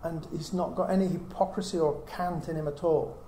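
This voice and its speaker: A middle-aged man teaches scripture with an earnest, reasoning manner, often putting rhetorical questions to his listeners. His voice sits a little high yet sounds mellow. The room is echoey, with a faint hiss behind him. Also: fairly even intonation, fairly quick. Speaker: Bible teacher. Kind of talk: teaching talk to a small group.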